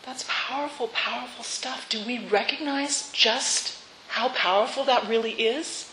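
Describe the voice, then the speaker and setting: A woman's voice: a little high, unhurried, fairly bright tone, reverberant, slight background noise, poor audio. A woman pastor preaching a sermon in a church, telling a story and asking rhetorical questions, and leading her congregation to repeat lines after her. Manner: leads congregation in call-and-response repetition. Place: church sanctuary.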